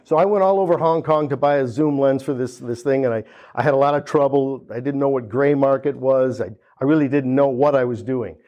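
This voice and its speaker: A man's voice: mid-range voice, a little fast, hardly any pauses, mellow, lo-fi sound. A man in his fifties from the United States telling a funny story at a gallery opening, acting out the people he quotes, with many restarts. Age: 50s. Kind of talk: storytelling talk.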